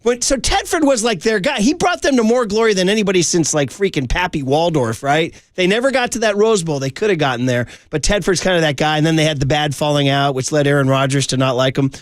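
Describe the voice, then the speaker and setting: A man hosting a sports talk show, riffing casually and excitedly in slangy chat with a co-host. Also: fairly high pitch, quick pace, few pauses, no room sound, clean studio sound.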